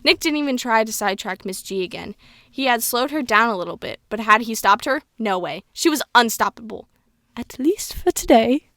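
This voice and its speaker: A woman's voice: a little high, fairly quick, pushed and bright, dry recording, studio quality. A woman co-host reading a children's novel aloud in a casual, playful way. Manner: playful, joking between passages.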